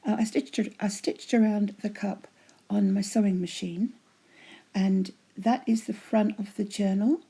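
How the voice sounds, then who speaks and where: A chatty woman with a voice going hoarse, gushing over her handmade crafts in a casual show-and-tell at home, often dropping to a breathy half-whisper. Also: mid-range voice, fairly even intonation, a little slow, dark tone. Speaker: craft vlogger showing giveaway prizes.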